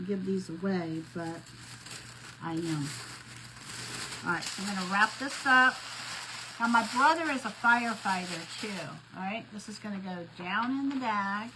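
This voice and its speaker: A woman's voice: mid-range voice, noisy background. A woman chatting casually to her viewers while she wraps gifts and labels handmade ornaments at home, calling them y'all. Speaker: crafting vlogger. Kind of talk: casual crafting chat to viewers.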